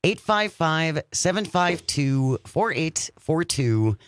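A man's voice: fairly high pitch, very animated, dry recording. A man hosting a radio talk show, chatting casually and upbeat in the studio. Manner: upbeat, chatty, reads phone number slowly. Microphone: studio microphone.

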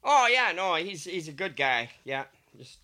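Bright-voiced joking radio host, a man. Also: fairly high pitch, big pitch swings, measured pace. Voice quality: smoker's voice. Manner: self-deprecating, joking. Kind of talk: casual on-air chat.

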